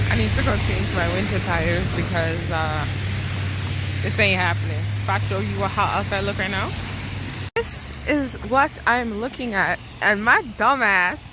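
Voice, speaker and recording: A Canadian woman chats casually in a vlog, first outdoors in the snow and then in her car, with noisy outdoor and car ambience behind her. Her voice is medium in pitch and a little slow, with long pauses. She pokes fun at herself and laughs often.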